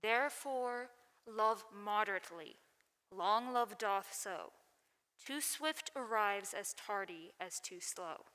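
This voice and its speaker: A woman playing a slow, solemn old friar. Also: mid-range voice, pushed and bright. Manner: measured, solemn counsel. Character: older male friar, grave and cautioning. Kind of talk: Shakespeare stage reading. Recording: long reverb on live stream.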